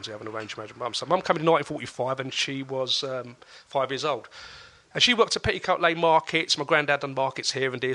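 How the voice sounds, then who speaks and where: A man tells a story on a podcast with bright, forceful energy. He talks in a casual, animated way and acts out the voices of the people in his tale. His pitch sits in an ordinary middle range. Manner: animated, acts out quoted voices, laughs often. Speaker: podcast guest.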